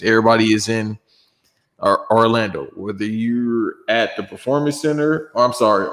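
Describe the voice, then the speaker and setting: A man's voice: lowish voice, big-room sound. A man co-hosting a casual wrestling chat show, talking in loose, slangy, profane banter. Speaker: podcast co-host.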